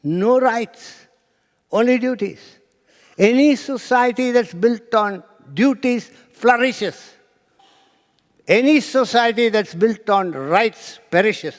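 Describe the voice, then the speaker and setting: Speaking very slowly in an extremely high voice, a male spiritual speaker tells stories to an audience in a lecture hall. He acts out quotes and at times drops almost to a whisper, and the recording has a big-room sound.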